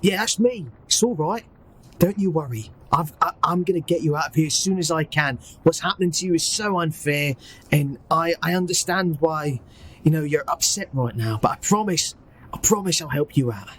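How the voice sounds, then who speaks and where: Man doing a gooey creature's shaky Cockney, pitched up, soothing and earnest. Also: moderate pace, fairly bright tone, a little hiss or hum, lightly acted, low-quality recording. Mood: reassuring. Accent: attempted Cockney. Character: slimy male ooze creature faking a Cockney inspector.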